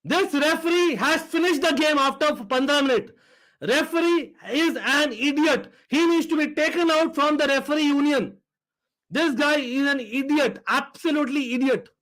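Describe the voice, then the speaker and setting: A man's voice: very high voice, normal speed, fairly bright tone, low-quality recording. A man with an Indian accent reacting to a live football match, ranting and switching between English and Hindi. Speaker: fan reaction host.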